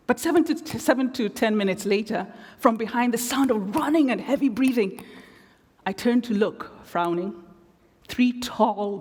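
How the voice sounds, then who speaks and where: A woman giving a lecture as reflective storytelling, measured with wry asides, in a large theatre. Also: mid-range voice, darkish tone. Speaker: guest lecturer. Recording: long theatre reverb.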